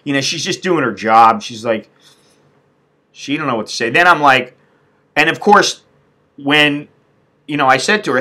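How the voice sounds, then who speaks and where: A man's voice: medium pitch, moderate pace, long pauses, pushed and bright. A middle-aged man from the United States on a casual live stream, blunt, profane and venting. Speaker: expat vlogger.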